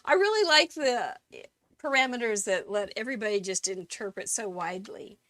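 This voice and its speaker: A woman hosting a live crafting show, reading out viewers' names quickly in a chatty, enthusiastic way. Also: mid-range voice, expressive, fairly bright tone, no echo. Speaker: host.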